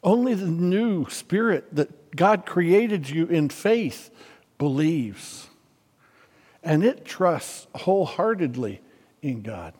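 A man's voice: fairly high pitch, very animated, slow, darkish tone, slightly rough. A man preaching a sermon in a conversational storytelling way, with restarts and emphatic peaks. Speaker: pastor. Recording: long hall reverb.

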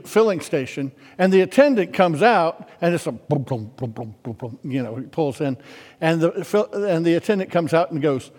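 A man's voice: fairly high pitch, a little mellow. A man preaching a sermon in a conversational storytelling way, with restarts and emphatic peaks. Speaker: pastor. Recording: long hall reverb.

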